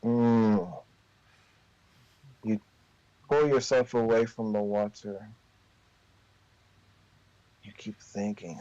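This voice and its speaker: A man narrating a tabletop game as game master, telling the story in a slow, drawn-out way. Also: lowish voice, warm tone. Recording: dull lo-fi recording.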